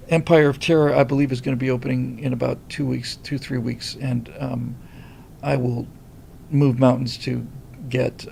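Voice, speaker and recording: A middle-aged man hosting a casual livestream, rambling and animated as he reads viewer comments. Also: medium pitch, vocal fry, slight background noise. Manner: rambling, animated, many restarts. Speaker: livestream host reading super chats.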